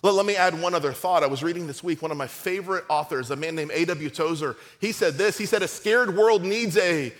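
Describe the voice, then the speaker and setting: A middle-aged man preaching a sermon, lively and conversational, acting out quotes in his stories, with a cold. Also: on the high side, a little fast, few pauses, big-room sound. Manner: storytelling, animated and conversational, acts out quotes. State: has a cold. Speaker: pastor.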